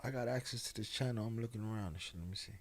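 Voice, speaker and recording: A man's voice: on the low side, rapid-fire, a little hiss or hum. Laid-back man hosting a late-night stream. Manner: laid-back, reads and answers chat with shout-outs, slang-heavy. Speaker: livestream host. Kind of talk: casual late-night livestream chat.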